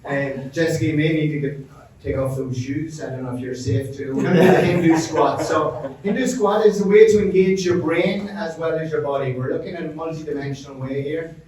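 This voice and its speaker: A man's voice: fairly high pitch, fairly even intonation, fairly quick, a little mellow. Joking Irish man in a roomy hall. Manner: upbeat, joking, addresses audience by name. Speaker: resilience consultant presenting a session. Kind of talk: live seminar talk. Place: large event room. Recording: very roomy, mic at a distance.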